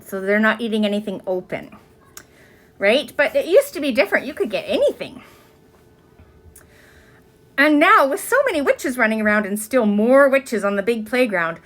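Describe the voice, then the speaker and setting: A woman's voice: a little high, a bit bright. A woman reading a children's book aloud, with chatty asides to young listeners.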